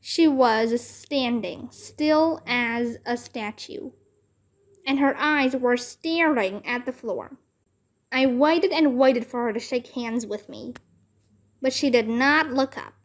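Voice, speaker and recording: A woman narrating a children's chapter book aloud in a clear storytelling manner. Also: a little high, takes it slowly.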